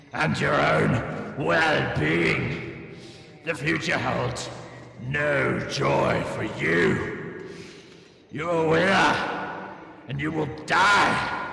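A gravelly booming ghost. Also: male voice, a little hiss or hum, heavily acted. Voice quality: gravelly, drawn-out and shouted delivery. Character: ominous male ghost of future Christmases, booming. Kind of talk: comedy audio parody. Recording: echoey long-reverb hall effect.

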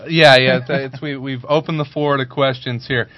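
A man co-hosting a podcast from a comic shop, reading out questions haltingly with many fillers. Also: mid-range voice, flat delivery, lo-fi sound. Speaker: podcast co-host. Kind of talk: casual podcast chat.

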